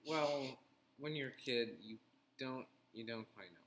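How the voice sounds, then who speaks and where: A man's voice: medium pitch, fairly bright tone, a little hiss or hum. A man co-hosting a casual talk show, speaking hesitantly with lots of fillers. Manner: hesitant, halting, with many fillers. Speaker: podcast co-host. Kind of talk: casual chat.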